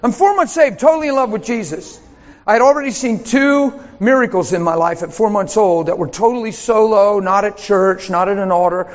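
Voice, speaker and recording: A man preaching a sermon as a pastor, telling a story in an animated way with laughs along the way. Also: high-pitched, brisk, big-room sound, dull audio.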